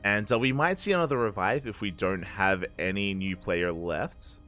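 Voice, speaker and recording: A man's voice: fairly low pitch, moderate pace, bright, forceful tone, faint music behind. A man casting a live game late at night, tired and slightly slurring his words, chatty and full of repeated hype lines. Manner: chatty, hypes with repeated catchphrases. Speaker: esports caster.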